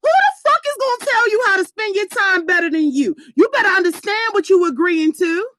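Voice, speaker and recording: A woman giving a blunt, profane motivational rant on a live stream, preaching and often shouting for emphasis. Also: extremely high pitch, expressive, brisk, no echo.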